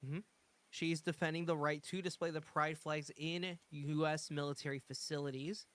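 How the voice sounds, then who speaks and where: Smooth-voiced, hesitant podcast co-host. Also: mid-range voice, level tone, a bit bright. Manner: hesitant, many filler pauses. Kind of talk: casual chat.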